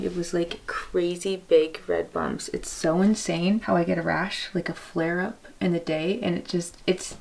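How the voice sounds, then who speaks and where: Chatty woman vlogger with vocal fry. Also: fairly low pitch. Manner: chatty, filler-heavy, self-deprecating. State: out of breath on the stairs. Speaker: lifestyle vlogger. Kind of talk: casual vlog chat to camera.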